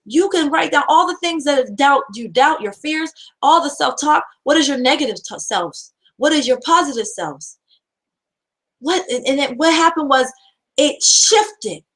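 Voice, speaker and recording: A woman's voice: high-pitched, a bit bright, poor audio. A woman giving a motivational self-help talk, earnest and repetitive, asking her listeners rhetorical questions over and over.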